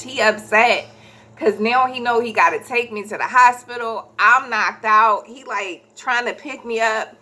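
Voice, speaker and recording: Brief: woman, 30s, vlogger storyteller; bright, lively telling, often stops to correct herself. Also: on the high side, measured pace. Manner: animated, acts out quoted voices, corrects herself mid-story. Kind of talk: casual storytelling.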